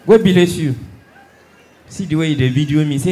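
A young Nigerian man doing stand-up comedy, mixing Pidgin and English and shouting his punchlines. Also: on the high side, moderate pace.

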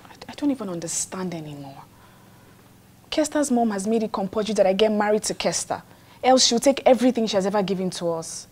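A woman's voice: medium pitch, animated, fast talker, darkish tone, a little hiss or hum, close to an everyday voice. A young woman with a Nigerian accent playing a distressed daughter who talks earnestly and with exasperation. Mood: exasperated. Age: young adult.

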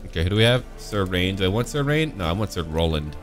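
Deep-voiced man with playful game commentary. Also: expressive, fast, faint music behind. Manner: playful, jumps to high silly exclamations and laughs; mock-pompous old-fashioned phrasing. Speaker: gameplay commentator. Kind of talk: let's-play commentary.

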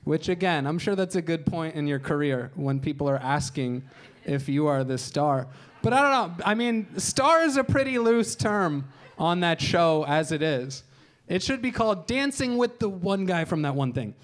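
Guy doing stand-up stories, kinda high voice, dry deadpan delivery, crude jokes, does little voices for people. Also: normal speed. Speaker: stand-up comedian. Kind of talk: stand-up storytelling. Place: comedy show stage.

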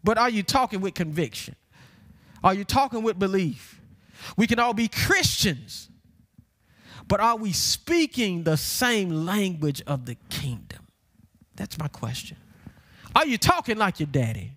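Man, pastor, Southern country twang, high-pitched, sermon, builds to shouting, says y'all. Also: very animated, unhurried, long pauses.

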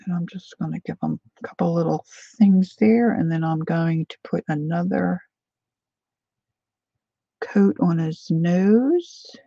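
A woman's voice: on the low side, slow pace, vocal fry, husky, no echo, muffled recording. A woman hosting a casual painting tutorial, chatty and often drifting into side stories as she works.

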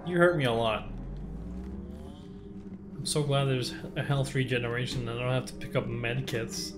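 A young man giving blind playthrough commentary on a video game, exasperated, swearing and laughing at himself. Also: medium pitch. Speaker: gameplay commentator. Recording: game music under the voice.

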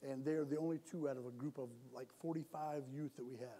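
A man preaching a sermon in a church, repeating his points, calling for amens and building to loud exhortation. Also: fairly high pitch, steady tone, fast talker. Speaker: lay preacher. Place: church sanctuary.

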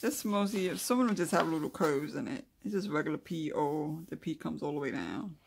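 The host of this craft video has a medium-pitched, gravelly, rather rough voice and leads a laid-back calligraphy tutorial. Starting from written notes, they drift into casual remarks and soft mumbling as they letter, keeping a homespun, unhurried manner from start to finish.

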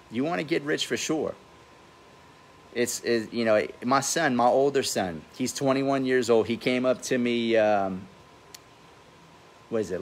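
A man's voice: mid-range voice, a little hiss or hum. A man in his forties giving blunt, profane business advice in a casual livestream talk, outdoors by his pool. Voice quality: says he has a funny accent. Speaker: real estate investor and host.

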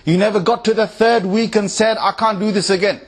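A man giving a lively lecture to an audience in a mosque, chanting Arabic recitation and mimicking tunes with big pitch jumps. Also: brisk. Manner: recites Quran in Arabic in varied melodies. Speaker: Islamic preacher.

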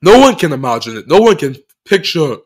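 A man hosting a podcast, telling a personal story of loss in an emotional, halting way, often repeating phrases, with earnest faith. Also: fairly high pitch, very animated. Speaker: podcast host.

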